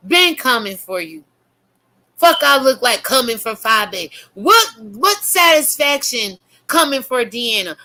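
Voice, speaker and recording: Middle-aged woman, forceful bright voice, preachy and profane online commentary. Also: fairly high pitch. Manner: fiery, cursing, preachy. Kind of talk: profane religious rant.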